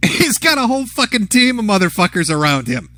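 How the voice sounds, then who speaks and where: A man's voice: high voice, big pitch swings, normal speed, sharp tone, no room sound, clean studio sound. Profane, laughing male streamer. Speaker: livestream host. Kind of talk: casual live commentary.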